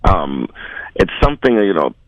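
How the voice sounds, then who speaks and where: Gravelly, low-voiced man, halting and defensive. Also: sing-song, no room sound, highs cut off. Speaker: caller on a radio segment. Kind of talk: on-air phone conversation.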